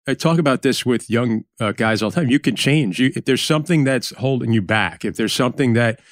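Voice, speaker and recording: A man's voice: medium pitch, a little fast, no room sound. Podcast host guy from yonkers, storytelling, mid voice, dry mic. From Yonkers, New York. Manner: reminiscing, storytelling. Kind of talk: podcast conversation.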